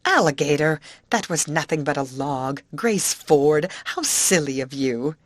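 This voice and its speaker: A woman voicing a lively, adventurous young girl who speaks eagerly. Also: low-pitched, a little slow, no echo. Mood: scornful.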